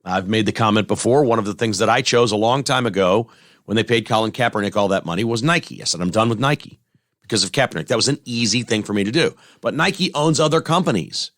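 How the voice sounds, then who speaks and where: Blunt talk host, dry sound. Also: male voice, on the low side, quick pace, a bit bright, dry recording. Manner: blunt, conversational, repeats points for emphasis. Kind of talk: opinionated talk radio monologue.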